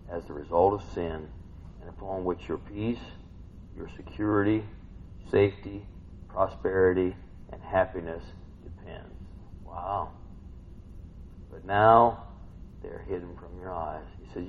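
A man preaching a sermon, swinging between hushed reading and loud excited outbursts. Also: deep voice, slight background noise. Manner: animated, swings from hushed to shouting. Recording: dull lo-fi recording.

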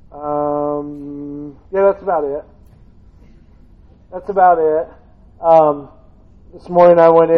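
A man delivers a relaxed, humorous sermon and mixes family anecdotes with a scripture reading. His voice sits high for a man. The recording is narrow and tinny, like a phone line. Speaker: preacher. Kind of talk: conversational sermon.

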